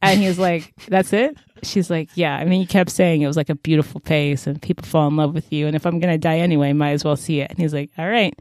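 A woman co-hosting a casual podcast, recapping a story with lively acted-out quotes. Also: sits low. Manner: animated storytelling, acts out quotes in quick voices. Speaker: podcast co-host recapping a drama. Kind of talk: casual chat.

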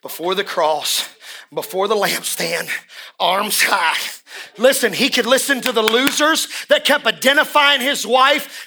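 A middle-aged male pastor with a high, bright voice preaches in a church. He drops low and quiet for confiding asides, then builds to loud, shouted climaxes. His delivery swings hard between intimate and thunderous. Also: unhurried, creaky. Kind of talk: sermon. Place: church service in a room.

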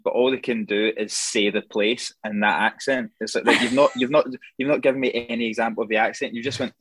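A man's voice: medium pitch, steady tone, fast talker, hardly any pauses, fairly bright tone, husky, dry recording. A man chatting casually on a podcast, rambling through stories and laughing often. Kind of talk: casual chat.

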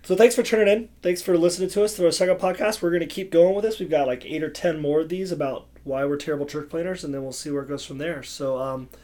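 Male podcast co-host, pastor, casual and chatty, a touch higher voice. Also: fast talker, hardly any pauses, dark tone. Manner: chatty, laughs easily.

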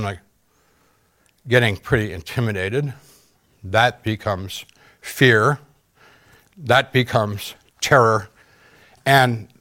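A man giving an earnest, halting personal testimony in an interview, pausing often and using fillers. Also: lowish voice, fairly bright tone. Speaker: interview guest.

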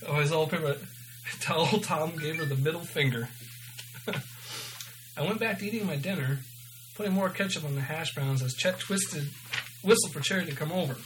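A man's voice: on the high side, fairly bright tone, a little hiss or hum, rough recording. A man hosting a podcast, reading his own story aloud and signing off loosely with lots of ums. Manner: loose and informal, many ums. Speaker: podcast host.

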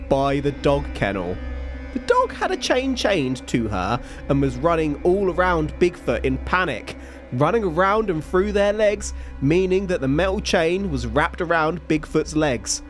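A man hosting a podcast, slowly telling a story between jokes and frequent laughter. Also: a little high, sing-song, soft background music. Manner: slow, laughing, jokey storyteller. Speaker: podcast host.

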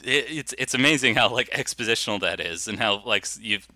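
A man co-hosting a podcast, discussing a documentary in a halting, chuckling way. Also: fairly low pitch, expressive, pushed and bright, no room sound. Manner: halting, many restarts and fillers, chuckling. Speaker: podcast co-host. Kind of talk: casual film discussion.

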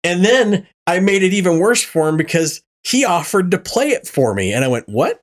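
A man hosting a casual podcast chat. His pitch swings widely as he tells animated stories, laughing and cursing along the way. The recording sounds rough, like it came from a faulty mic. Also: moderate pace. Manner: animated storytelling, swearing and laughing. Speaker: podcast host. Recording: poor audio from a faulty mic.

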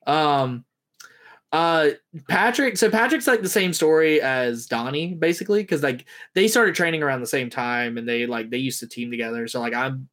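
A man guesting on a podcast, telling lively stories in casual chat and acting out what people said. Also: on the high side, normal speed. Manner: animated storyteller, acting out quotes.

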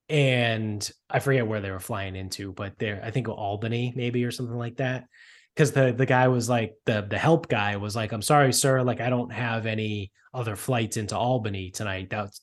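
A man casually telling a rambling, profane story about an airport mix-up, full of asides and filler words. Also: fairly low pitch. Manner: profane, rambling, animated retelling. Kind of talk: casual chat.

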